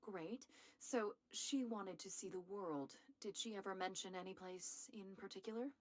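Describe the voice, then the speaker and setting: An actress voicing a calm, persistent interviewer who presses with careful questions in a video game. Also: female voice, medium pitch, moderate pace, no room sound, lightly acted. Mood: probing.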